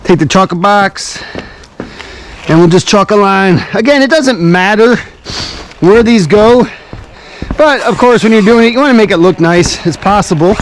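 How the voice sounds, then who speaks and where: A high-voiced man talks through a build outdoors at a moderate pace, pausing often, with slight background noise. As a builder and channel host, he gives chatty, upbeat vlog narration, explaining steps while working on a cold site. He's breathing heavily from cold and climbing, and an action camera records him.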